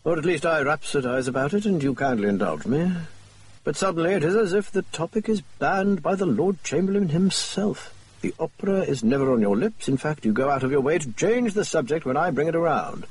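A man voicing a confident, brisk Victorian male detective who lectures on his deductions. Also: a little high, animated, a little mellow, pitched above the performer's own voice. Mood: lecturing. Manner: crisp, lecturing, quick to explain his deductions.

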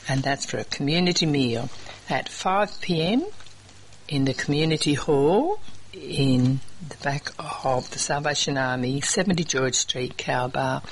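A community radio presenter, chatting casually between songs and reading out local notices in an unhurried way with small hesitations. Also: mid-range voice, slight background noise, low-quality recording.

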